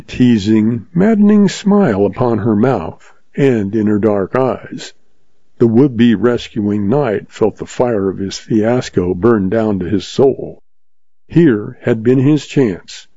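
Man, audiobook narration, dark warm tone, dry dull recording. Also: lowish voice, creaky, slightly rough, no echo. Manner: steady storytelling delivery.

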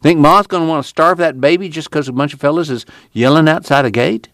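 A man's voice: fairly high pitch, brisk, fairly bright tone, no room sound, studio quality, pitched above the performer's own voice. A man voicing a weary, plainspoken young farmhand with a rural drawl. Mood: defensive.

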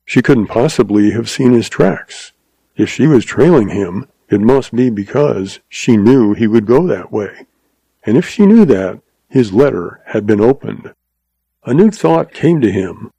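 A man narrating a western audiobook in a steady storytelling voice. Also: medium pitch, unhurried, creaky, husky, no echo, rough recording.

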